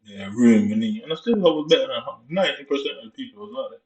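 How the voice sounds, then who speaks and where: This young vlogger from Jamaica has a mid-range, darkish voice with big pitch swings and vocal fry. Speaking with a Jamaican accent, he rambles through a long story in a slangy, loose, unhurried way. The room is echoey and the mic sounds distant and dull.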